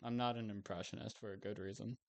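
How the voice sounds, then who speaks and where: A man's voice: lowish voice, steady tone, fast, a little mellow. A young man chatting casually while streaming a game, rambling and self-amused, swearing now and then.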